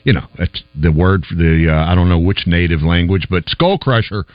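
A man's voice: sits low, normal speed, dry recording, muffled recording. A man co-hosting a casual radio show, easygoing and hesitant. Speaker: radio co-host.

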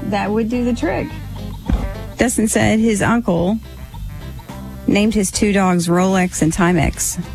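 A woman's voice: medium pitch, steady tone, slow, gravelly, long pauses, a little mellow, faint music behind. A woman co-hosting a radio show, trading dad jokes in casual banter and giggling often.

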